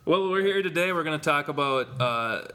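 A man's voice: fairly high pitch, expressive, brisk, a crowd in the background. A man hosting a casual podcast, joking and rambling with his co-host.

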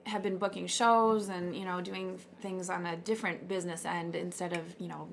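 A woman's voice: lowish voice, little pitch movement, normal speed, gravelly, a little hiss or hum. A woman from Minnesota with a Minnesotan accent, a musician guest chatting casually and laughing often. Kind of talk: casual chat.

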